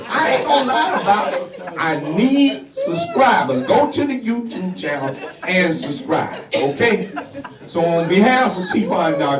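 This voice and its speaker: Loud animated comedian in a crowded café. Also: male voice, a little high. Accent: Southern US. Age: older. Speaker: stand-up comedian. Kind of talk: stand-up comedy set. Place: small café open mic with audience. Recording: roomy, distant, crowd noise.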